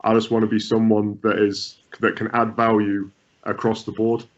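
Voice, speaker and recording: A man's voice: on the low side, flat delivery, normal speed. A man being interviewed as a goalkeeping coach, talking through his ideas with frequent repeats and restarts. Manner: repeats words, many restarts. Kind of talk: conversational interview answers. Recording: muffled lo-fi audio.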